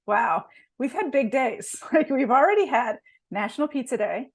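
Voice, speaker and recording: A woman's voice: sits high, expressive, normal speed. A woman hosting a casual podcast, chatty and laughing often between her remarks. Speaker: podcast host, magazine editor.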